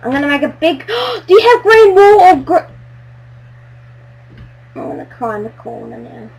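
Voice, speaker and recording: Bubbly high-pitched gamer girl. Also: moderate pace, creaky. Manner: bubbly, silly and easily excited, with squealing outbursts. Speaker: gamer playing on a friend's server. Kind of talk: excited let's-play chatter.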